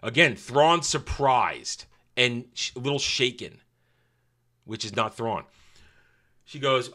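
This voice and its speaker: A man's voice: medium pitch, lively intonation, a little slow, bright, forceful tone. A man giving a casual, opinionated show review in a sarcastic, scornful way, with mocking asides.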